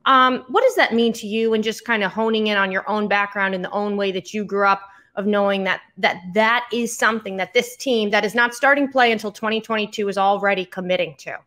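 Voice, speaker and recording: A woman interviewer frames a long question, ticking off points in a measured manner. Her voice sits at a middle pitch. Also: bright, forceful tone.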